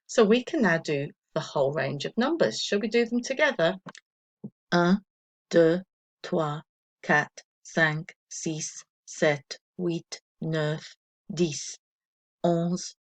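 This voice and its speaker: A woman with a deep voice records a French lesson for primary schoolchildren, encouraging them patiently. She counts slowly, pausing so the pupils can repeat.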